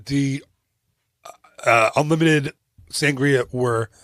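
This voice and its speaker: A middle-aged man co-hosting a podcast in a studio, chatting in an easygoing way with halting fillers. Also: medium pitch, a bit bright, dry recording. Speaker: podcast co-host. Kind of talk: casual chat.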